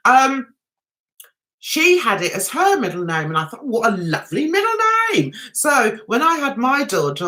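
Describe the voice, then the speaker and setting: Giggly London woman, lively high voice. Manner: chatty and giggly, teasing viewers. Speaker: livestream host. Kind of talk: casual livestream chat with viewers.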